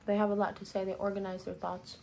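A woman's voice: mid-range voice, monotone, racing, a little mellow, a little hiss or hum. A woman reading tarot and astrology for viewers in a chatty, direct way, repeating phrases for emphasis. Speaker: tarot reader.

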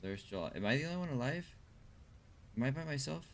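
A man's voice: medium pitch, lively intonation, a little fast, creaky, a little hiss or hum. A man casually commenting while he plays a video game and chats with viewers, thinking aloud as he goes. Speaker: streamer.

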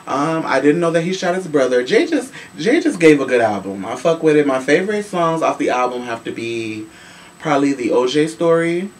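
A man from Chicago hosting a casual celebrity gossip show, sassy and animated, swearing freely. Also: fairly high pitch, a little fast. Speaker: show host. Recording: voice from a distance with faint room noise.

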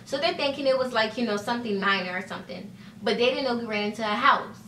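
A woman's voice: a little high, fast talker, sharp tone, recorded from a distance, slight background noise. A young woman telling a casual storytime vlog, chatty and full of "like" and "you know," acting out the dialogue as she goes. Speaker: vlogger. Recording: echoey room, voice set back from mic.

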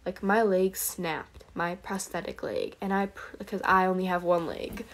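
A woman's voice: fairly low pitch, unhurried. A young woman telling earnest faith stories on a late-night livestream. She sounds tired and talks in a breathless rush. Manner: earnest, breathless storytelling, whispers prayers. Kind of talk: casual faith testimony on a livestream.

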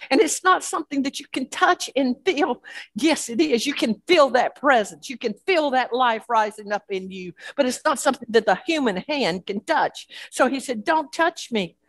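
A woman's voice: sits high, lively intonation, normal speed, fairly bright tone, no room sound. A woman pastor preaching a sermon with a repetitive, building cadence.

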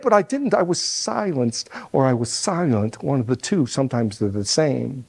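A man performing a dramatic personal story on stage, a literacy professor who swings between loud and hushed. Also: mid-range voice, animated, moderate pace, gravelly, few pauses, breathy edge. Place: lecture hall stage.

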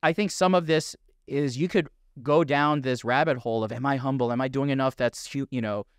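A man with a smooth, resonant voice gives a calm, assured explanation on a podcast. He is recorded close and dry, with his pitch in the middle. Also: fairly quick, no echo. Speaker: podcast co-host, fitness coach. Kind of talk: casual podcast chat.

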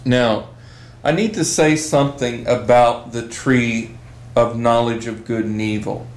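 A man teaching a Bible study session, reading scripture aloud slowly and with emphasis. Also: mid-range voice, steady tone, roomy sound, rough recording.

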